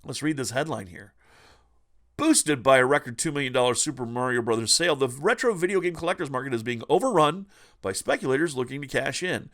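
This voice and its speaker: A man hosting a retro gaming news vlog, ranting in a sarcastic, heavily profane way. His mid-range voice has a gravelly, fried texture. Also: medium pitch, lively intonation, brisk, fairly bright tone. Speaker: retro gaming channel host.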